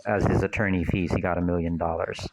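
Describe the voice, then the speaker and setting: In a casual audio commentary, a man with a slightly low voice talks fast through a film, chatty and prone to tangents as he thinks aloud. It comes across as an unscripted, relaxed walkthrough, with heavy background noise.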